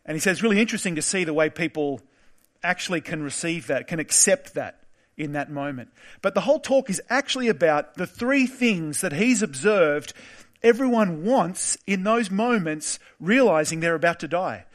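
A man preaching a sermon in a relaxed, conversational storytelling way, with occasional filler words. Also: a little high, moderate pace.

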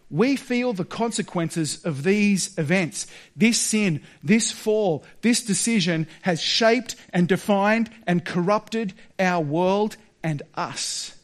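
A man with a fairly high, light voice preaches. He talks earnestly, pressing his listeners with rhetorical questions. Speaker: pastor. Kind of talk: sermon.

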